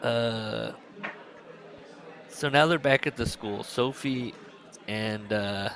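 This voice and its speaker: Co-hosting a casual book-club podcast, a man reads passages aloud and mocks them sarcastically, laughing often. He speaks slowly in a medium-pitched, fairly bright voice.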